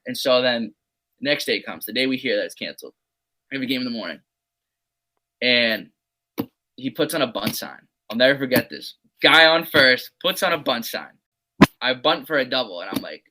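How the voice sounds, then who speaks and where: A young man, a podcast guest, telling his sports stories in a loose, casual way. He swears freely, leans on "like" and "man," and drops low to mutter his quoted asides. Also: expressive, fairly quick, pushed and bright, rough recording. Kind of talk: casual storytelling.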